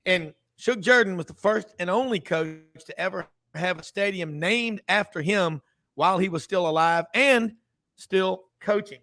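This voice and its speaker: Man, sports radio host, fairly high voice, rambling chatty storytelling. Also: normal speed, vocal fry, fairly bright tone. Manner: rambling storyteller, full of asides and restarts. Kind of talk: casual sports talk.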